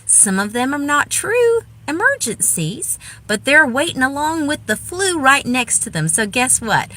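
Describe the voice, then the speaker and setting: A woman's voice: high-pitched, very animated, unhurried, sharp tone. A tired woman emergency room nurse, giving blunt, exasperated advice in an after-work vlog. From Pensacola, Florida.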